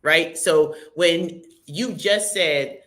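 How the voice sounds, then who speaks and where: A woman hosts a live broadcast, chatting casually and greeting viewers by name. Her voice is bright and forward, and she keeps a lively, conversational flow. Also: on the low side, very slow. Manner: lively, conversational, reads chat shout-outs. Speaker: livestream host. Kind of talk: casual livestream chat.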